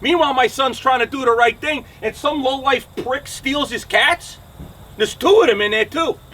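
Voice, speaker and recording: This trucking channel host, a man in his forties, has an extremely high, sharp voice at a normal speed, captured on a distant mic with slight background noise. Standing outside his truck shop, he swears bluntly in an angry New Jersey-accented rant to camera, repeatedly asking "okay?" and "right?".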